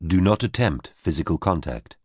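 A man voicing an alien speaking through a neutral synthesized voice, flat and without inflection. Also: low-pitched, normal speed, husky, dry recording, clean studio sound.

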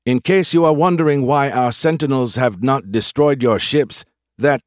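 A man voicing a calm, confident human general in an audiobook, courteous with a dry, taunting edge. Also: medium pitch, normal speed, no echo, pitched above the performer's own voice, lightly acted. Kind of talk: audiobook character voice.

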